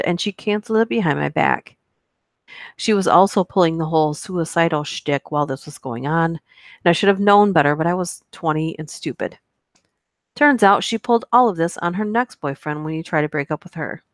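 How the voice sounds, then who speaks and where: A woman's voice: fairly low pitch, no echo, studio quality. A woman reading stories aloud on a live stream, breaking off for casual, chatty asides to her viewers. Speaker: YouTube horror story narrator.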